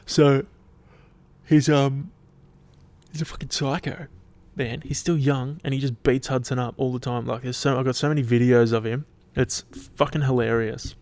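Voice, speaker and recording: A man's voice: mid-range voice, fairly even intonation, normal speed, darkish tone, no room sound. An Australian man hosting his own podcast, chatting casually and rambling with lots of swearing. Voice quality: laid-back, rambling, swears freely. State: tired, yawning. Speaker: podcast host. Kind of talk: casual solo podcast chat.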